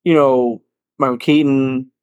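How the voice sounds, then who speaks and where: A man's voice: mid-range voice, steady tone, measured pace, darkish tone, clear, resonant tone, dry recording, muffled recording. A man talking in a loose casual chat as a podcast co-host, rambling, repeating words and swearing.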